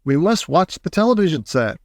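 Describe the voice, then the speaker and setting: Willy Wonka, as a man reads him in high bursts. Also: big pitch swings, brisk, a little mellow, no room sound, clean studio sound. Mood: earnest. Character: eccentric old male candy maker, excitable. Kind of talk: audiobook character voice.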